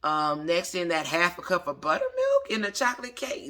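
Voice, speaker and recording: Man, late thirties, chef, casual cooking lesson, chatty, bright voice. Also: high voice, wildly swooping pitch, normal speed. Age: 30s. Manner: chatty, talks back to the recipe author. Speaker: chef reading old cookbooks.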